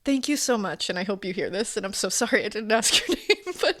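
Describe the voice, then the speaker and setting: A woman's voice: mid-range voice, very animated, a little fast, a bit bright. A woman in her forties co-hosting a podcast, talking in an emotional, rambling way with many fillers and restarts. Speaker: podcast co-host. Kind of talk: casual podcast chat.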